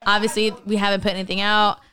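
A woman's voice: mid-range voice, level tone, quick pace, sharp tone. Rambling young woman podcast host. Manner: rambling, lots of fillers and restarts. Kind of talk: casual chat.

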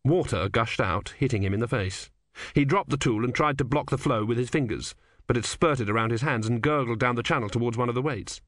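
Brief: male audiobook narrator, mid pitch, wry and measured, close dry studio mic. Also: fairly bright tone, no room sound. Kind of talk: scripted narration.

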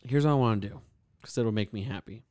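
A young man hosting a casual podcast chat, relaxed and rambling with lots of fillers. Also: mid-range voice, fast talker, dry recording, studio quality. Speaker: podcast host.

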